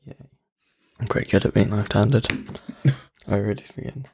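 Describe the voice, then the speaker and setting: Sarcastic low gravelly man muttering insults. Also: fairly even intonation, normal speed, mellow. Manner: crude, sarcastic, mutters insults under his breath. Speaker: podcast co-host. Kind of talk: casual banter podcast. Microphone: studio mic he keeps bumping.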